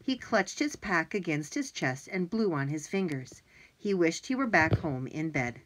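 A woman narrating a children's chapter book with expressive, animated delivery. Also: sits low, moderate pace, a little hiss or hum, rough recording. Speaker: audiobook narrator. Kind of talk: children's story reading.

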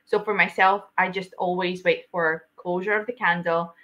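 A woman with a bright, sharp voice hosts a live trading stream and chats in an animated way. The sound is dull and lo-fi, typical of stream audio. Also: on the low side, normal speed. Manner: animated, laughs easily, explains with fillers. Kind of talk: casual trading chat.

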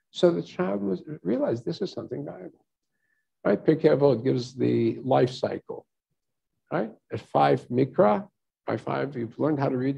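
Rabbi guy lecturing, keeps going "right?", gravelly mellow voice, kinda muffled lo-fi recording. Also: fairly high pitch. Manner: lecturing, frequent "right?" checks with listeners. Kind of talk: teaching talk at a synagogue service.

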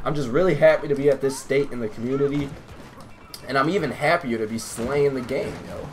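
A man's voice: mid-range voice, a little fast, a little hiss or hum. A young man giving live commentary over his own gameplay, talking to viewers, swearing, and getting hyped at his teammates. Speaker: gaming YouTuber.

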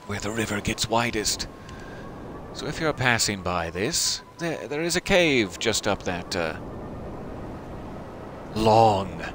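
A man's voice: fairly low pitch, noisy background. A man giving casual let's-play commentary, rambling with self-deprecating asides. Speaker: gameplay commentator.

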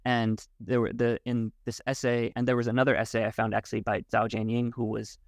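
A man as a podcast guest, talking in a thoughtful, halting way with many restarts. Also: medium pitch, level tone, no room sound, studio quality. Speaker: podcast guest, Wudang martial arts teacher. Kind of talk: casual conversation.

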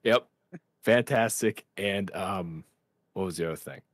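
A man's voice: low voice, unhurried, no room sound. A man on a film podcast, chatting casually and enthusiastically, swearing and trailing off as he tries to remember things. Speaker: podcast panelist.

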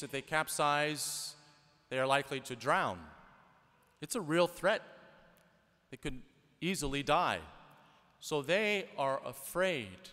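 Priest guy giving a homily, chatty storytelling, bright clear voice, long echo like a big church. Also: on the high side. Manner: conversational, storytelling with rhetorical questions. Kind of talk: sermon.

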